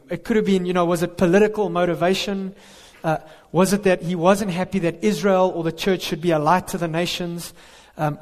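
A man's voice: high-pitched, a little mellow. A man preaching a sermon, earnest and emphatic, with rhetorical questions. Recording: reverberant hall.

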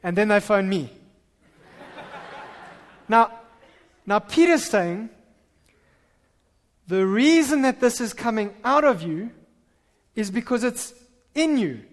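A man preaching a sermon as pastor, animated and full of stammered restarts. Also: high-pitched, slow, long pauses. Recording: reverberant hall.

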